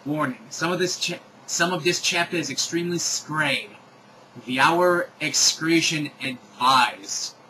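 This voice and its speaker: A bratty, gushing teenage girl writer rattles off her notes in a higher, bright voice, as a man mocks her. The tone is sneering and overdone. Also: a little slow, a little hiss or hum, rough recording. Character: gushing teen fanfic author girl.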